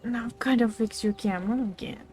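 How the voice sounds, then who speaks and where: A woman's voice: on the high side, a little fast, darkish tone, soft background music. A woman streamer chatting casually as she plays a game and talks to her pet between moves. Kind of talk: casual gameplay commentary.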